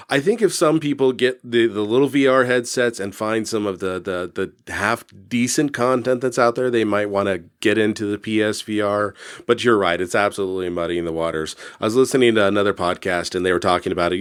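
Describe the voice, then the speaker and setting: A man's voice: fairly low pitch, a little fast, clear, resonant tone. A man co-hosting a podcast, talking casually in a rambling way with lots of fillers and restarts. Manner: rambling, filler-heavy, easygoing. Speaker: podcast co-host. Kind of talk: casual chat.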